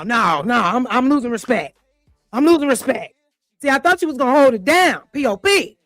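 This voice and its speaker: A woman host reacts to a clip in blunt, profane, heated talk. Her voice sits on the higher side. The sound is dry, with faint music underneath. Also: a bit bright, dry recording. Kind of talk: casual reaction commentary.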